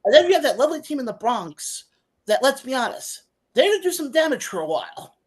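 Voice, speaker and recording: Brief: woman sports podcaster, sarcastic and emphatic, bright lively voice. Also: high voice, fast, breathy edge. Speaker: podcast co-host. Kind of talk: casual sports talk.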